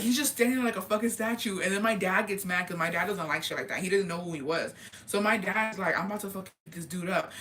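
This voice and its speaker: Young woman, vlogger, casual storytime gossip, crisp bright tone, swears freely, acts out quotes. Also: medium pitch, a little hiss or hum. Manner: animated, profane, acts out quoted dialogue.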